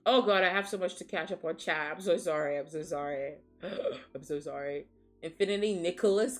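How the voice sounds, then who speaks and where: A woman streaming from Nigeria, chatting casually with a very low, deep voice. She talks frankly and swears freely, sniffling a little after crying, and laughs often as she reads chat. Faint music plays under her. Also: normal speed.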